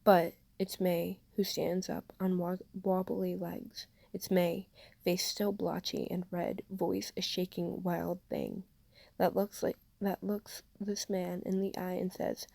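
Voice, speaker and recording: Gravelly-voiced woman reading fan fiction. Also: fairly low pitch, little pitch movement, slow pace, warm tone, dry recording. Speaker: podfic reader. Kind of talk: fanfiction audiobook narration.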